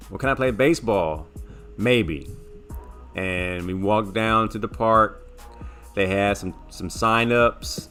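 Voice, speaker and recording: A man with a low, bright and forceful voice, speaking as he tells a rambling story on a sports talk show. He repeats words as he goes and gets animated. Faint music plays behind him. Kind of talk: casual storytelling chat.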